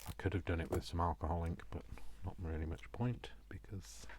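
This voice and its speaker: Here a British crafting vlogger with a deep, darkish voice talks himself through a craft project, chatty and self-mocking in a steady tone at a slightly fast clip. A little hiss or hum sits in the recording.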